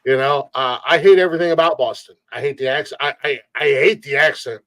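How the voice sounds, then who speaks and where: A man hosting a casual podcast chat, rambling and blunt, peppering his talk with fillers and curses. His voice sits at an ordinary middle pitch. The sound is dry, with little room echo. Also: brisk, fairly bright tone. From Ohio. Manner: rambling, blunt, swears freely, many fillers. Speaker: podcast host.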